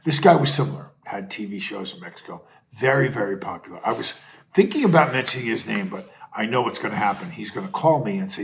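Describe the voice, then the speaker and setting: A middle-aged man hosting a commentary show, telling a story in a blunt, profane way that builds to shouting bursts. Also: lowish voice, expressive, fast talker, creaky, slight background noise, rough recording. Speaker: podcast host and commentator. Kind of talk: casual monologue commentary.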